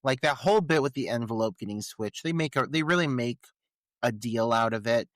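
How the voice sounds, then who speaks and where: A man co-hosting a podcast, talking through a film in relaxed chat, full of filler words. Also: medium pitch, brisk, no room sound, studio quality. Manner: conversational, many filler "like"s. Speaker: podcast co-host. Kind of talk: casual film discussion.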